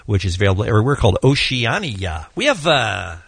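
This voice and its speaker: A man's voice: fairly low pitch, very animated, fast, gravelly, a bit bright, husky, no echo. A man hosting a casual radio interview, joking and teasing his guest. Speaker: radio host.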